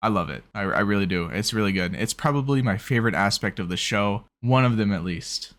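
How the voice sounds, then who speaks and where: A man's voice: on the low side, lively intonation, a little fast, a bit bright. A man hosting an anime reaction video, talking in earnest and gushing, with a habit of rambling on. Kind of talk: casual reaction commentary.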